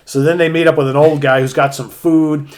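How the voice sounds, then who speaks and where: A man's voice: fairly high pitch, steady tone, fairly quick. A man casually retelling a comic book story as a podcast co-host, with loose fillers and acted-out lines.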